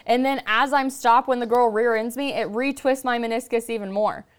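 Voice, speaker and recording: Female podcast host, high clear voice, chatty and foul-mouthed. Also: moderate pace. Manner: profane, lively storyteller. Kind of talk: casual podcast chat.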